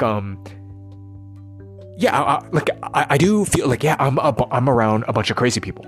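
Man, vlogger, rambling monologue, swears a lot, mid-range voice, intense. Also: mid-range voice. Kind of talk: unscripted monologue.

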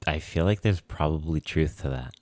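Deep-voiced young man in a dry room. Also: a little mellow, no room sound. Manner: thoughtful, quick to clarify and reframe. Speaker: podcast co-host. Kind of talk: casual chat.

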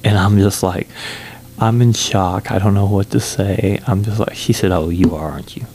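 A man telling a rambling, amused story about a trip in a casual vlog, with lots of fillers and restarts, sometimes dropping into a hushed whisper. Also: low-pitched, fairly even intonation, normal speed, slight background noise. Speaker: solo traveler telling a story.

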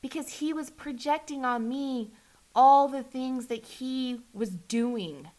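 A woman in a candid, casual conversation, telling her story with frequent false starts. She gets animated and lifts her voice when acting out what was said. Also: slow pace. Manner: animated, acts out quotes with rising pitch, restarts often.

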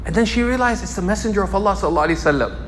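A man delivers a religious teaching in a fairly high voice that rises and falls a great deal. He repeats key phrases for emphasis. The sound carries a long hall reverb over a faint background hum. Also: animated, racing, fairly bright tone. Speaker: Islamic scholar teaching. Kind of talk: lecture sermon.

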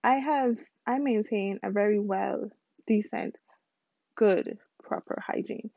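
A woman's voice: medium pitch, slow pace, creaky, warm tone, no echo, highs cut off. A young woman with Caribbean roots hosting a casual solo podcast, chatty and candid, rambling with fillers. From Caribbean background, lives in Houston. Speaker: podcast host.

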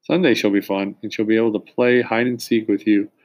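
A man's voice: on the low side, fairly even intonation, quick pace, a little mellow, lightly acted. A man voicing an anxious, exasperated young mother with a raised, urgent voice. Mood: patient.

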